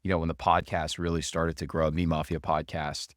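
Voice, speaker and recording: A man who is a guest on a podcast, relaxed and slangy in casual conversation. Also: a bass voice, a little fast, no room sound, clean studio sound.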